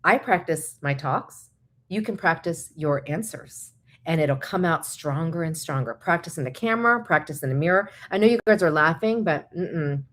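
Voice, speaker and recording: Chatty woman with a lowish voice. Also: lively intonation, a bit bright. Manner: encouraging, practical, chatty with quick asides. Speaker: vlogger host. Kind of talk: casual advice talk.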